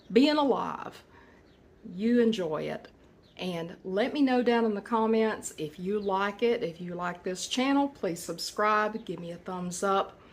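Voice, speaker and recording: A woman hosting a home cooking video, talking viewers through a recipe in a homey, chatty way. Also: medium pitch. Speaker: recipe channel host. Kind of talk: casual cooking demo.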